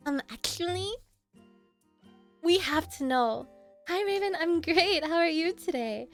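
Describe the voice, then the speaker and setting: A woman's voice: extremely high pitch, animated, a little slow, long pauses, faint music behind. A young woman streaming live, chatting with her viewers in a playful, teasing way and laughing often. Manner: teasing banter with chat. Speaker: streamer reacting to chat. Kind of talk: casual live-stream chat.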